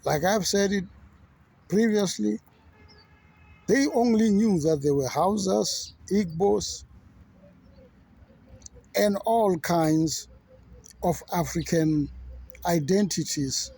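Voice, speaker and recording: Slow gravelly-voiced pastor, deliberate. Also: male voice, high voice, warm tone. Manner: deliberate, measured and outspoken. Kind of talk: reflective monologue.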